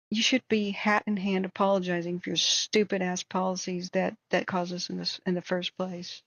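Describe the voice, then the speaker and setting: Hoarse woman ranting angrily on a livestream. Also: lowish voice, level tone, moderate pace, few pauses, fairly bright tone, dry recording, lo-fi sound. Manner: angry, indignant, exasperated. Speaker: wildfire tracking livestream host.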